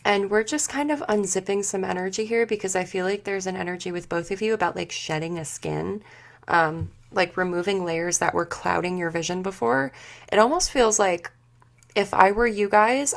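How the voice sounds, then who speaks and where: A woman giving an intuitive spiritual reading to a group, speaking haltingly and searching for words with many fillers. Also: medium pitch, vocal fry. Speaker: spiritual session leader.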